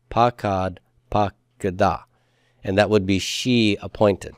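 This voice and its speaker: A man's voice: lowish voice, steady tone, takes it slowly, no echo, studio quality. A man teaching a grammar class in a patient, step-by-step way. He has the students repeat forms after him and uses folksy comparisons. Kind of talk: classroom lecture.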